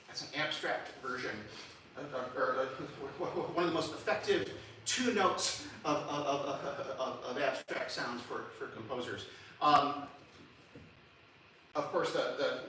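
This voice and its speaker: In a public lecture captured from afar in a reverberant hall, a man with a slightly high voice stops and restarts frequently while humming and singing short examples. He's animated, and the recording carries a faint hiss or hum.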